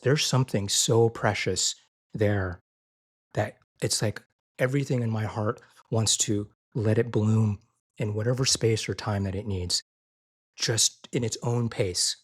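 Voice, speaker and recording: A man talking as a podcast guest in an earnest, conversational way, often repeating and restarting phrases, and his voice lifts higher and softer when he quotes tender words. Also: unhurried, breathy edge. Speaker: guest, physician and IFS therapist.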